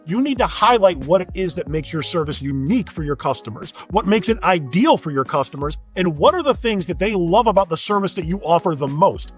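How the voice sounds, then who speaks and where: Animated high-voiced man teaching sales. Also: fairly quick, few pauses, slightly rough, faint music behind. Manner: upbeat, emphatic and conversational. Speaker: sales trainer. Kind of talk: instructional talk to camera.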